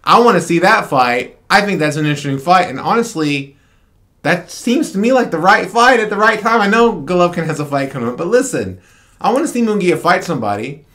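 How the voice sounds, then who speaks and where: A man co-hosting a casual boxing talk show, giving emphatic, opinionated takes with quick asides. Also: sits high, expressive, a bit bright. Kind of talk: casual chat.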